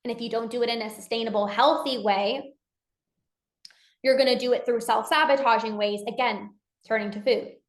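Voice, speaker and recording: A woman speaks with a bright, high voice in a casual motivational talk. She talks earnestly as a coach and slips into quoted inner dialogue. The room around her rings with noticeable echo. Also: steady tone, moderate pace. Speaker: binge eating coach.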